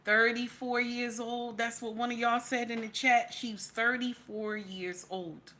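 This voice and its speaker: A woman's voice: fairly high pitch, fairly even intonation, a little slow, bright, forceful tone, slight background noise. A woman hosting a casual livestream, repeating her phrases for emphasis and reading chat comments aloud. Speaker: livestream reaction host.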